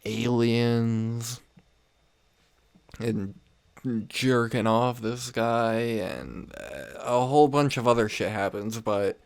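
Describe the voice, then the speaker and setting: A man's voice: mid-range voice, slow, vocal fry, smooth, no room sound. Profane rambling podcast host, man. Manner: profane, rambling, laughs often. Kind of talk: casual comedic rant. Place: home room.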